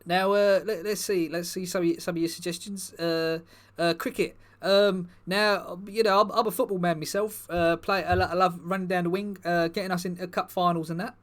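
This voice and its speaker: A man's voice: high-pitched, little pitch movement, fairly quick, slight background noise. A man doing a chirpy, stammering footballer. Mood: rambling chirpy. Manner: rambling, stammering, loud and chirpy. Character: dim, cheerful young male footballer.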